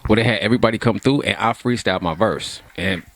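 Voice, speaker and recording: A Kansas City, Missouri rapper tells loose, laughing stories packed with slang and cursing, his manner laid-back. His voice sits on the low side, fast and gravelly with a fairly bright tone, and there's a slight hiss or hum in the recording.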